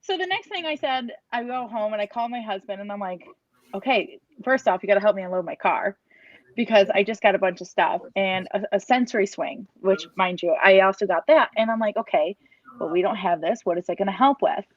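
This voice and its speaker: In a mid-range voice at a fairly quick pace, a woman in her thirties gives a parent's testimonial, telling an emotional story about her son. She's earnest and rambling, full of restarts and quoted thoughts. The sound has no echo but is lo-fi.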